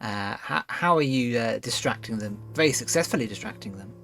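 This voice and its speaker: A man's voice: medium pitch, expressive, fairly quick, vocal fry, fairly bright tone, soft background music. A man running a tabletop role-playing game, explaining rules and narrating with frequent hesitations. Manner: hesitant, many fillers, checks the rulebook. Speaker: game master.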